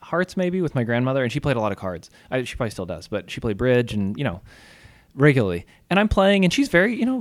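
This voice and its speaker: A man in easy, casual conversation, his pitch rising and falling a lot as he tells stories. He laughs often and talks in a loose, friendly way. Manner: storytelling, laughs often, lively. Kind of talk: casual chat.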